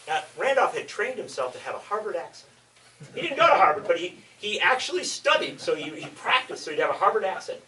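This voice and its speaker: A man's voice: sits high, pushed and bright, distant mic, poor audio. A man giving a public talk, telling history as an impassioned, emphatic storyteller.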